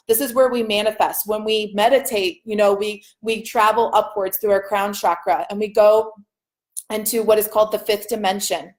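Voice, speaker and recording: Upbeat spiritual coach woman, live stream. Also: a little high. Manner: casual, upbeat, says "okay?" and "y'all" often. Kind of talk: live stream talk to viewers.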